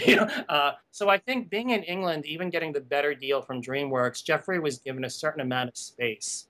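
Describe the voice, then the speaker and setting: A man speaking as a guest on a podcast interview, an animated storyteller who laughs often and drifts into asides. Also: fairly high pitch, moderate pace. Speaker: guest, animation art conservation director.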